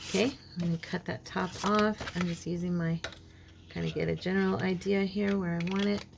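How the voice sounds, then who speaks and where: A woman hosting a casual crafting tutorial, chatting and talking to herself as she works, with a frog in her throat that keeps her clearing it. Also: on the low side, fairly even intonation, fairly quick, noisy background. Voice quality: chatty, talks to herself while working. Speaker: craft channel host.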